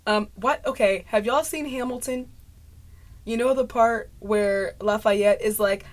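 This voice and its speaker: This is a casual talking-head vlog: a woman rambles in a stream of consciousness, laughing at herself along the way. She speaks unhurriedly in a steady, mid-range voice, with slight background noise and a mic near clipping.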